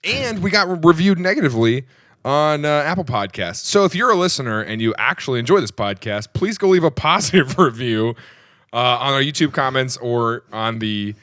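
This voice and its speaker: A young man co-hosting a podcast in casual chat, animated and exasperated, laughing often. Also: mid-range voice, fairly quick, no echo, clean studio sound. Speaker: podcast co-host.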